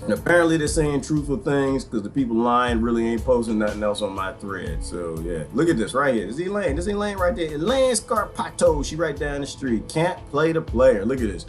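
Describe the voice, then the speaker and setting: An excitable man hosts a livestream, rambling and laughing as he talks. His voice is very animated, and soft music plays faintly behind him. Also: medium pitch, brisk, few pauses. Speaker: livestream host. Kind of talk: livestream commentary.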